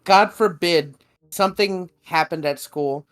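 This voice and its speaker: A man's voice: high-pitched, a little slow, a bit bright. A man co-hosting a podcast in loose, casual chat, swearing and laughing as he talks about his father. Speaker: podcast co-host.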